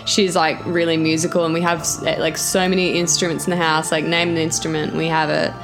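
A woman's voice: low voice, little pitch movement, fairly quick, over music. Rambling, giggly young woman telling stories. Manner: chatty, rambling with many fillers and giggles. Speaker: podcast co-host. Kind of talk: casual chat, storytelling.

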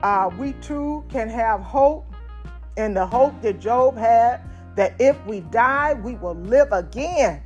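A woman's voice: on the high side, lively intonation, slow pace, darkish tone, dull audio, faint music behind. A woman preaching a sermon in a conversational, folksy way, addressing the congregation directly.

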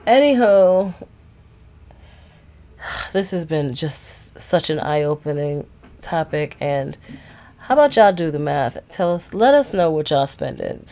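Low-voiced expressive woman co-host. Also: slow pace, long pauses. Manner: expressive, dramatic exclamations. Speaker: podcast co-host. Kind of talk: casual chat.

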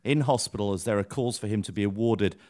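A man's voice: on the low side, quick pace, darkish tone. Man, dry podcast storyteller. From South London. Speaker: podcast co-host. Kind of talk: comic podcast banter.

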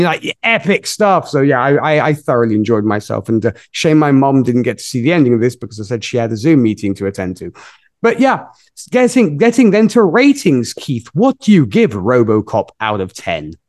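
A man's voice: medium pitch, no room sound, studio quality. A man hosting a podcast, chatting enthusiastically in a casual movie review. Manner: enthusiastic, lively storytelling. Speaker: podcast host.

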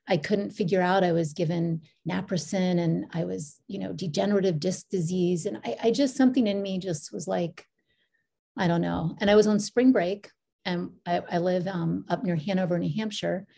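A middle-aged woman, a podcast guest, telling her story in a meandering, casual way with restarts and lively quoted asides. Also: on the low side, gravelly, husky.

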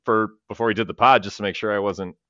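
Casting: low, bright-toned man, rambling podcast co-host, swears, laughs, slightly dull dry mic. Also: steady tone, quick pace, no echo. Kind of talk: casual movie podcast chat.

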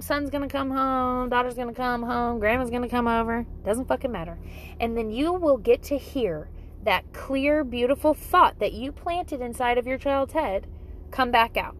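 A woman's voice: on the high side, a little hiss or hum. A woman in her thirties, a mother giving parenting advice in blunt, emphatic casual talk, swearing freely.

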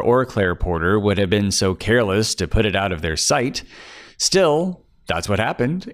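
A man giving a steady scripted narration of a detective story. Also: fairly low pitch.

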